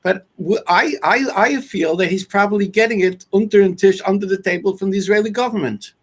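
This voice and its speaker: A male talk show host with a husky voice pitched high for a man. He speaks deliberately and with emphasis, repeating words as he builds each point and puts questions to his guest. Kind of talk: interview questions.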